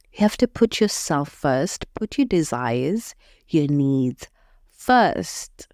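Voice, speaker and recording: A woman hosting a motivational podcast, speaking in an unhurried, reflective way and often laughing at her own stories. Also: low-pitched, a little mellow, dry recording, studio quality. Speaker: podcast host.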